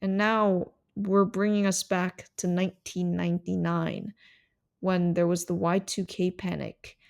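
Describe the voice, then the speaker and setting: A woman's voice: on the low side, flat delivery, a little slow, creaky, darkish tone. A woman hosting a solo podcast, explaining ideas in a reflective, thinking-aloud way. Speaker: podcast host.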